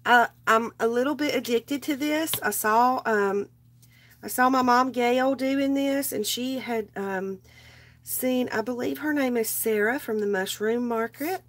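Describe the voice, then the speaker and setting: A woman with a somewhat high, slightly slow voice hosts a live craft stream while sick and strained. She chats loosely and rambles as she crafts, greeting viewers by name.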